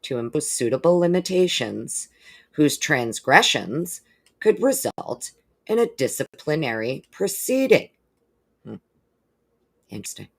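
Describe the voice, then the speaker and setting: This woman's low voice is very animated yet a little slow, creaky and breathy, with long pauses. Hosting a live stream, she reads court documents aloud steadily and breaks off now and then for wry, casual remarks.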